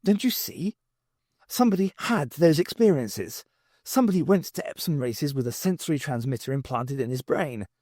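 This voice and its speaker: A man's voice: on the high side, lively intonation, moderate pace, darkish tone, no echo, clean studio sound. A man voicing a grave, impatient ancient time traveller who lectures urgently. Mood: urgent lecturing.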